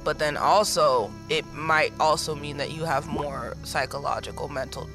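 A woman from the United States telling a story in casual group chat, acting out quotes with lively energy. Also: sits low, moderate pace, music in the background. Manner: animated storyteller, acts out quotes.

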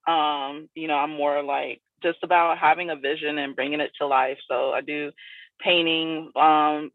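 A woman's voice: sits low, dry recording. A woman from South Florida, a guest artist in a casual interview, talking in a loose, rambling way full of fillers. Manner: loose and rambling, many "like" and "you know" fillers. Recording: dry, tinny phone-like line.

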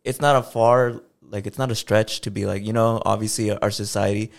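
A man's voice: on the low side, a little fast, vocal fry. A man from the United States co-hosting a podcast, talking casually and loosely with lots of fillers. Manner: relaxed, loose, heavy use of fillers. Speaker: podcast co-host.

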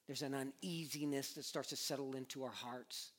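A man in his thirties preaching a sermon with passion, moving between hushed earnest stretches and fervent, near-shouted appeals. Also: mid-range voice, fairly even intonation, moderate pace. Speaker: pastor.

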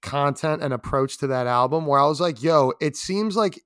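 This podcast co-host talks about music in a casual, animated review chat, peppering his speech with "like" and casual swearing. His voice is fairly high, fairly bright, clear and resonant, at normal speed, captured in a clean studio with no room sound.

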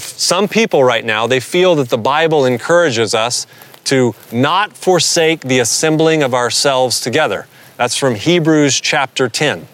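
Earnest Southern preacher, mid-pitched man. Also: a bit bright. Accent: American Southern. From United States. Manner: earnest, builds to emphatic rises. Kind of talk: sermon-style Bible teaching.

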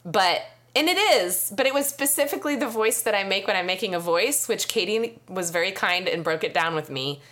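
A woman's voice: mid-range voice, expressive, brisk, hardly any pauses, a bit bright. A young adult woman co-hosting a podcast, slightly nasal, chatting and laughing often. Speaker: podcast co-host. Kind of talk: casual chat.

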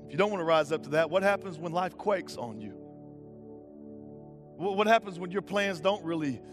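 A young male pastor preaches with a high, bright voice and real passion. He swings from rousing calls down to hushed, intense moments and drops casual slang into the sermon. Faint music plays softly underneath. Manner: impassioned, rising to urgent calls then dropping to quiet intensity.

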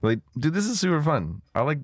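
Lively-pitched man joking on a podcast. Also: a little fast, breathy edge, no room sound, studio quality. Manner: joking, laughs often, animated. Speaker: podcast co-host. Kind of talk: casual chat.

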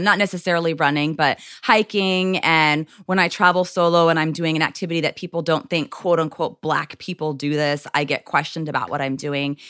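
A woman's voice: sits low, clean tone, no room sound, clean studio sound. A woman being interviewed as a self-defense expert, telling personal stories earnestly and acting out what people said. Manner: earnest, animated storyteller, acts out quoted lines.

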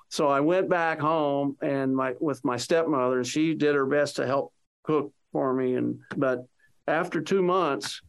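Gravelly-voiced man telling his story. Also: medium pitch. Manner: earnest, animated retelling of conversations. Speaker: interview guest. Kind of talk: casual personal storytelling.

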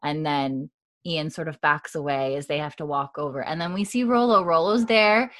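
A woman's voice: sits low, normal speed, a bit bright, no echo, clean studio sound. A young adult woman casually recapping a TV episode, acting out the characters' lines as she goes. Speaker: podcast co-host recapping a TV episode. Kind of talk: casual chat.

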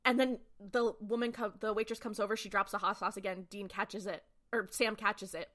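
Bright-voiced woman recapping a show. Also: mid-range voice. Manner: quick, lively retelling with quoted lines. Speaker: podcast co-host. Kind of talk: casual recap chat.

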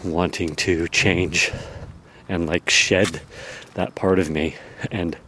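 Slow and husky, this man's low voice carries a bright, forceful tone with fairly even intonation. He's a podcast host outdoors in a town, musing casually about himself with lots of fillers and self-deprecating asides.

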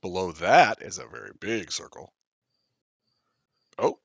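A man's voice: low voice, expressive, a little slow, creaky, husky, dry recording. A man playing a tabletop game, joking and describing a drawing for listeners. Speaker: player. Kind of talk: casual tabletop game banter.

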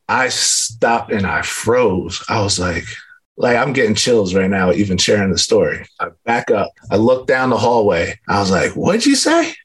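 A man in his thirties tells his faith testimony in a relaxed, conversational way. His voice is fairly low and a little husky, and he slips into quick acted-out dialogue as he goes. He sounds earnest and full of casual fillers. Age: 30s. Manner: earnest, casual, animated retelling with filler words. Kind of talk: personal testimony storytelling.

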